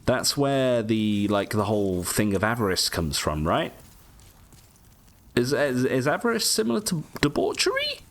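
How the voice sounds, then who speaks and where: A man's voice: medium pitch, wildly swooping pitch, measured pace. A man giving casual, rambling gameplay commentary full of jokey asides.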